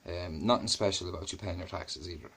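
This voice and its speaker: Irish male commentator with a deep, husky voice and a sarcastic edge, cursing freely. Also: fast, fairly bright tone. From Ireland. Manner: blunt, sarcastic, swears freely. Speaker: YouTube commentator. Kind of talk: commentary on a played video.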